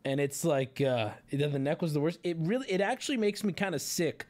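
A man in his thirties, hosting a casual live stream, reacting loudly and swinging from mumbling to shouting. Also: mid-range voice, normal speed, hardly any pauses.

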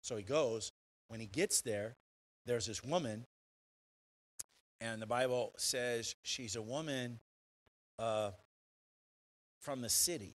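Male pastor, mid-pitched voice, animated sermon delivery with rhetorical questions and repeated restarts. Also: poor audio. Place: church sanctuary.

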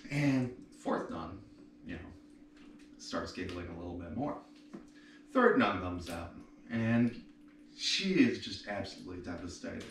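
A man's voice: fairly low pitch, very animated, a little slow, fairly bright tone. A man casually telling a joke in a playful, loose way with fillers. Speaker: joke teller. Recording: roomy, distant mic, faint hiss.

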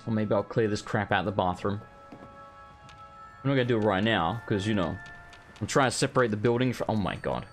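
A man's voice: on the low side, brisk, long pauses, soft background music. A man giving rambling, casual, sweary commentary while playing a video game. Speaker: gaming host. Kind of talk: casual let's play commentary.

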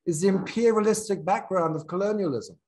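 A man with an English accent, voice set a little high, gives a reflective talk as a dean. He speaks candidly and builds his ideas aloud, often pausing and restarting his sentences. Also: a little mellow. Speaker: business school dean giving a talk. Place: in South Africa.

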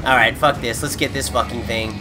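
A man giving excitable, profane commentary on his gameplay, with hyped whoops and trash talk. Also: mid-range voice, fairly quick, loud music behind the voice. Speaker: gameplay video creator. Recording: game sound loud under voice.

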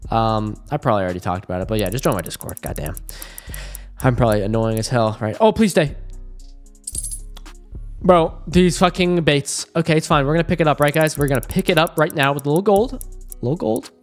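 A young man narrates his own gambling session for an online audience, swinging between pleading and frustrated groans and swearing freely. His voice sits at an ordinary middle pitch. Faint music plays underneath. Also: fast talker. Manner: excitable, heavy swearing, pleading and groaning at results. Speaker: online gambling video host. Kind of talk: live gambling commentary to viewers.

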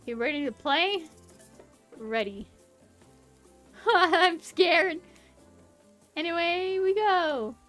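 A woman streamer commentating her own gameplay, excitable and panicky, laughing often. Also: extremely high pitch, very slow, pauses often, faint music behind. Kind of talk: live game commentary.

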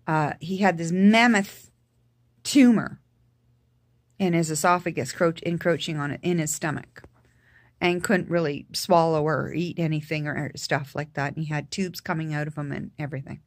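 A woman from Canada telling a personal family story in a halting, emotional way, full of fillers and restarts, her voice sinking quiet at the hardest parts. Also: low-pitched, steady tone, dry recording. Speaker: vlogger.

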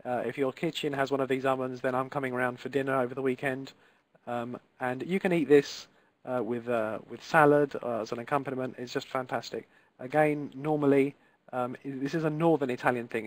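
Recorded without echo, this medium-pitched male teacher leads an Italian lesson online in real time. He enunciates Italian words with care and stays supportive and patient with the class.

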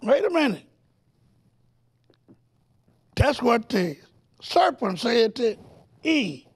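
A middle-aged male preacher giving a television Bible lesson, emphatic and full of rhetorical questions to his listeners, climbing to excited, near-shouted peaks. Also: very high voice, slow pace, husky.

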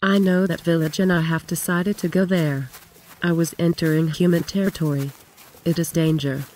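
A woman reading a story aloud in a plain, steady way, close to a dry home mic. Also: fairly low pitch, normal speed, a little hiss or hum.

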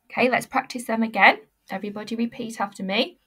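A woman teacher giving a recorded language lesson, modelling words slowly and clearly for pupils to repeat. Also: fairly high pitch, steady tone, sharp tone.

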